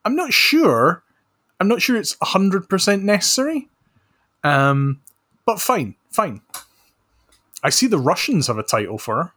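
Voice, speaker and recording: A man speaking as a podcast guest over a remote call, chatting in a dry, deadpan, mock-serious way. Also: high-pitched, a little slow, pauses often. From Scotland. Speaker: podcast guest, author and social researcher. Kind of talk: casual comedic chat.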